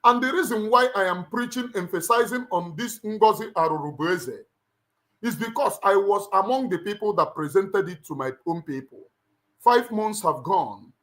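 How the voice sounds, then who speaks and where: This livestream host, a middle-aged Nigerian man with a Nigerian accent, has a high, slightly bright voice and a moderate pace. His impassioned address is emphatic and preacher-like, with lines repeated for weight.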